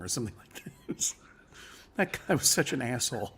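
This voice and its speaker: A man's voice: medium pitch, a little fast, fairly bright tone. A man chatting as a live-stream guest, telling long wry anecdotes with frequent laughter and restarts. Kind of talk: casual live chat.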